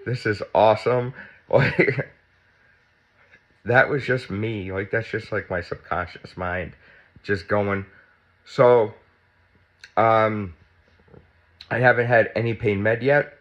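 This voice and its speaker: Man, 50s, casual home vlog, fairly low voice, sore after surgery, frank and profane, slightly muffled lo-fi audio. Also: slow pace, pauses often, a bit bright. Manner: blunt, chatty, swears freely. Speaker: vlogger. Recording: dull lo-fi sound.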